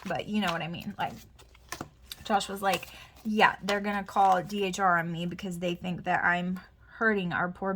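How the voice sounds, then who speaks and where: A woman's voice: fairly high pitch, pushed and bright. A woman, chatting casually while she plans, telling a rambling story full of asides and mutters to herself. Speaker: planner vlogger. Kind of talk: casual chat while planning. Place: home.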